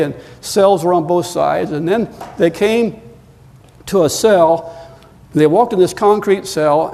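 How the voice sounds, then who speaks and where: A man preaching a sermon as pastor, telling stories and climbing louder and higher when he presses a point. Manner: storytelling, rising in pitch and volume when emphatic. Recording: long reverb of a large hall.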